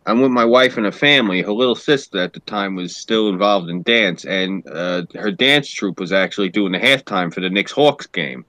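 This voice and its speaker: A man's voice: lowish voice, normal speed, few pauses, no room sound, poor audio. A man telling a story in a casual podcast chat, swearing often and with lots of energy. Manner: profane, animated storyteller.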